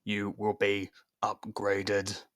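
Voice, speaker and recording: A man doing a monotone electronic robot. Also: fairly low pitch, very slow. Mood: menacing.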